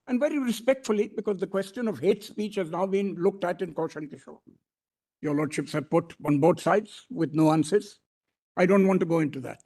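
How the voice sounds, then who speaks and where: This man speaks in a high, slightly mellow voice with an Indian English accent. He argues formally before a court bench, deferential and emphatic, frequently restarting phrases and calling the judges "my lord."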